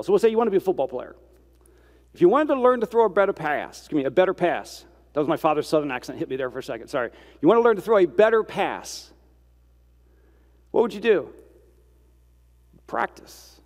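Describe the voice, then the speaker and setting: A man's voice: sits high, a little mellow, long reverb tail. A man giving a conversational devotional talk, asking rhetorical questions and poking fun at himself. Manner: rhetorical questions and self-deprecating asides. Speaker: speaker giving a reflective Christian talk.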